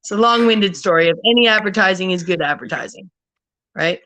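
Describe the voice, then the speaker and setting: A woman's voice: mid-range voice, a little fast, a bit bright. A woman co-hosting a live panel chat, telling rambling stories with frequent laughs. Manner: rambling storyteller, laughs often. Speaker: panel co-host. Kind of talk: casual chat.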